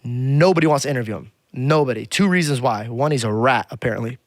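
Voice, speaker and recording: A man's voice: medium pitch, fast talker, no echo. A man on a podcast, telling a story casually and acting out other people's lines. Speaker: podcast guest.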